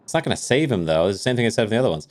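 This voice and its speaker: A man's voice: on the low side, very animated, racing. A man giving joking, casual commentary while playing a game, laughing often and reading the dialogue aloud. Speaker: let's play streamer.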